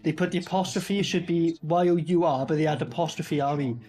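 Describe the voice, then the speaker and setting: A man's voice: a little high, brisk, soft background music. A young man with a Welsh Valleys accent, commenting casually on a film with lots of laughing and swearing. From Wales. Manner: laughing, swearing, excitable banter. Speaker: film reaction reviewer. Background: film soundtrack playing.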